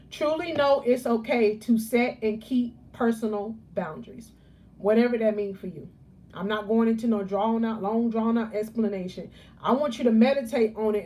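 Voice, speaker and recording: A woman life coach giving a live motivational talk, preachy and emphatic, repeating key phrases and stressing words slowly. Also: a little high, a little mellow.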